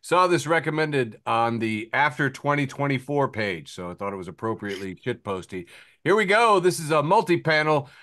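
A man's voice: medium pitch, sing-song, normal speed, a bit bright, no room sound, clean studio sound. A man hosting a podcast, casually reading social media posts and memes aloud and chuckling between them. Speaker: podcast host.

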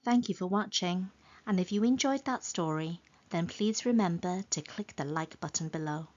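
A woman reading a children's story aloud in a slow, gentle, expressive way. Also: on the low side, highs cut off.

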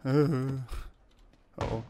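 Man, gaming commentary, slow unhurried talk, cursing, loud game noise behind. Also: mid-range voice, fairly even intonation. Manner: casual, swearing, laughing outbursts. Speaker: gamer. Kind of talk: gameplay commentary.

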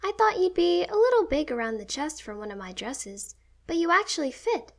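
A woman's voice: sits high, big pitch swings, brisk, pitched above the performer's own voice. A woman voicing a cheerful, caring teenage girl who fusses over her sibling in a read-aloud story. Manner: bright, eager, fussing. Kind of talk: storybook reading.

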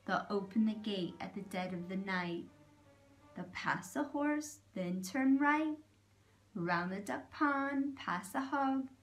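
A woman voicing a quiet little ladybird. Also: mid-range voice, lively intonation, slow. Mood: urgent. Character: quiet little female ladybird warning the animals.

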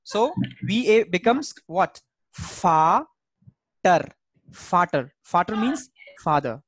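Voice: medium pitch, very animated, measured pace, breathy edge, no room sound. A German language teacher gives an online class over a video call. The teacher drills each word's pronunciation patiently and repeats it.

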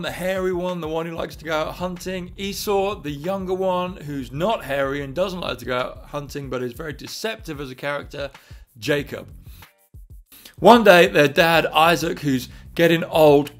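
A church leader retelling a Bible story in an animated way, swinging between quiet and loud. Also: male voice, a little high.

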